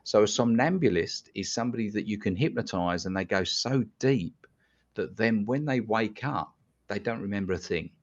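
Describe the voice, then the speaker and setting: Blunt man, low voice, lo-fi. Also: normal speed. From London, England. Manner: blunt, animated storyteller who swears casually. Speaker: guest hypnotist. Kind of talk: casual podcast storytelling. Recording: dull lo-fi sound.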